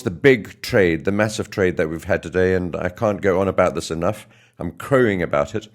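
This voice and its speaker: Hoarse low-voiced man giving a market update. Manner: chatty, self-correcting. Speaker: market analyst host.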